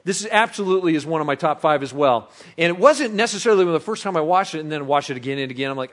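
A man preaching a sermon, bantering playfully with the congregation, then turning soft and reflective. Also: a little high, expressive, fast talker. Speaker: pastor.

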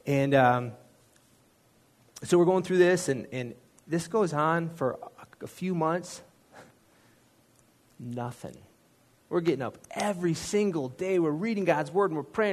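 A man's voice: on the high side, unhurried, long pauses. A man giving a personal testimony in a sermon, telling the story in an earnest, conversational way with self-deprecating asides. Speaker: church speaker sharing a testimony.

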